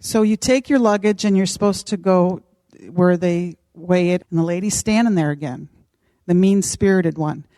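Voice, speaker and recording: A middle-aged woman casually telling a personal story, animated and acting out what others said. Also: lowish voice, moderate pace, no echo. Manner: animated, acts out quoted voices. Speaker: podcast co-host.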